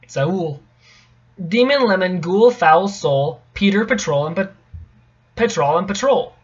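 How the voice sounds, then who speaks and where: A young man reading a tricky poem aloud in a casual, halting way, often stopping to correct himself and mutter asides. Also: high-pitched, husky. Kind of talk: casual stumbling read-aloud. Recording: dull lo-fi home recording.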